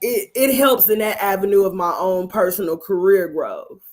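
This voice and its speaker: A woman's voice: mid-range voice, moderate pace, a little mellow. A woman singer and actress, a guest on a live-stream interview, telling her story in an earnest, reflective way.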